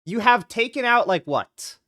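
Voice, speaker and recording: A streamer chatting casually on a live stream and reading a visual novel aloud, rambling and animated, with lots of "like" and quick laughs. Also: mid-range voice, dry recording, clean studio sound.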